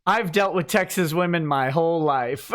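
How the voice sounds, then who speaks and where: A man hosting a live-stream interview, talking in a halting way full of restarts and dropping wry jokes. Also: high voice. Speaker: host.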